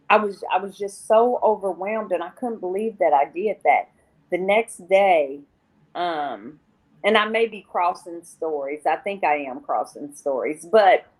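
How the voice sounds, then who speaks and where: A woman guest on an interview show, telling her personal recovery story in a candid, rambling way and often quoting herself. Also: fairly low pitch.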